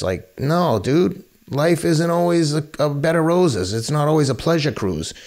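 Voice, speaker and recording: A man's voice: mid-range voice, darkish tone. Blunt, candid middle-aged man. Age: 50s. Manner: candid, blunt, swears freely. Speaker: podcast guest. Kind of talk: casual interview talk.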